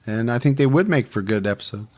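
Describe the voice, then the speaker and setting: A man's voice: medium pitch, animated, fast, a little mellow. A man co-hosting a true crime podcast, chatting casually and teasing his co-host in a dry way. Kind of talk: casual chat.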